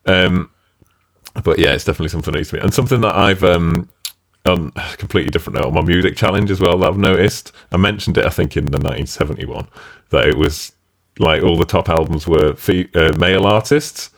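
Man, extremely low voice, rambling casual podcast chat, glitchy robotic audio. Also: fast. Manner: rambling, sighing, swears casually. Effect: glitchy robotic-sounding audio. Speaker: podcast co-host. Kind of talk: casual film review chat.

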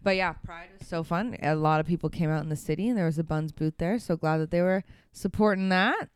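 A woman's voice: fairly low pitch, a little fast, clean tone, no room sound. Female co-host, chatty and laughing, dry close recording. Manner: chatty, laughs often, many fillers. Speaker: podcast co-host. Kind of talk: casual podcast chat.

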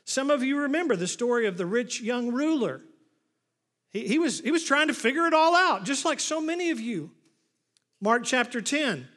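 With a very high voice at normal speed, a preaching pastor animatedly retells a Bible story and performs the lines of its characters. The sound has a long hall reverb.

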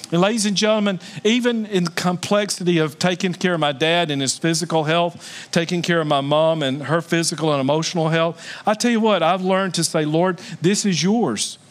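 A middle-aged man preaching a sermon as pastor, earnest, slowing to soft stresses and rising into loud, high exclamations.

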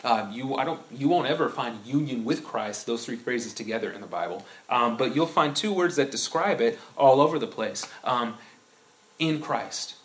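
A man preaching a sermon in a conversational way, building into animated storytelling. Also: mid-range voice, normal speed, hardly any pauses. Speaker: pastor.

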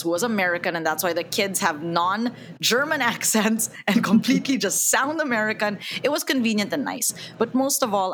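A woman's voice: lowish voice, a bit bright, a little hiss or hum, low-quality recording. Chatty opinionated woman reviewing movies. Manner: chatty, opinionated, laughs often. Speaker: podcast co-host. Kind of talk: casual movie review chat.

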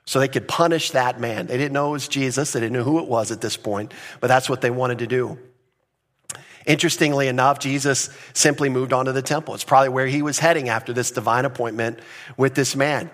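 A man preaching a verse-by-verse sermon as pastor, earnest and teacherly, often repeating words and slowing down to stress a phrase. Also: mid-range voice, steady tone, fairly bright tone. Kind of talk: expository sermon.

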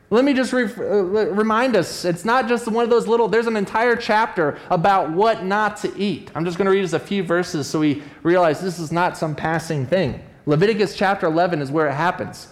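A man preaching a sermon in an animated, conversational storytelling way, often checking in with his listeners. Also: moderate pace. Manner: animated storytelling, acts out quoted voices with a raised pitch; conversational, often asks "right?". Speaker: pastor.

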